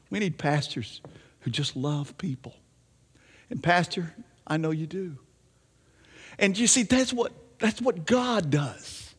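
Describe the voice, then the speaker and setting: A man preaching from the pulpit in a somewhat high voice, animated and expressive. He drops into hushed asides, then rises to emphatic, lifted lines. The sound carries the long reverb of a church hall. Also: breathy edge. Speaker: pastor. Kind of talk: sermon.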